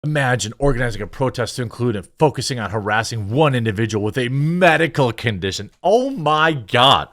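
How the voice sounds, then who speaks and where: A man hosts a reaction commentary, sarcastic and mocking in tone. His pitch swings up and down, and he often stammers and restarts mid-sentence. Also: lively intonation, a little fast, hardly any pauses, a bit bright. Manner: sarcastic and mocking, bursts of laughter. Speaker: commentary show host.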